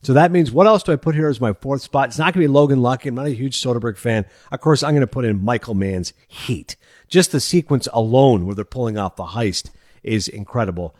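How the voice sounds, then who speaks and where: Male podcast host, quick and eager, dry close mic. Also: mid-range voice, darkish tone, no room sound. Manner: enthusiastic, laughs while talking. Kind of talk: film podcast chat.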